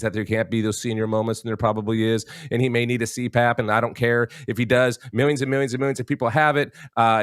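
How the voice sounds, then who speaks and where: A man's voice: medium pitch, fairly bright tone, dry recording, clean studio sound. A man hosting a talk show, giving an emphatic opinion monologue and talking straight to his listeners as folks. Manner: emphatic, addresses listeners as folks, many restarts.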